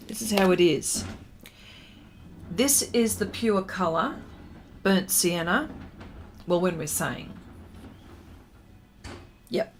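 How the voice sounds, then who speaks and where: Slow-talking woman artist. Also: mid-range voice, slight background noise. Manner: chatty, greets viewers warmly and laughs often. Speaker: artist streaming a pastel demonstration. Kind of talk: casual livestream chat and demonstration.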